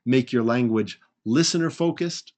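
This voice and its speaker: A man's voice: medium pitch, normal speed, darkish tone. A man presenting a recorded public speaking webinar, coaching emphatically and acting out weak and strong ways to phrase things.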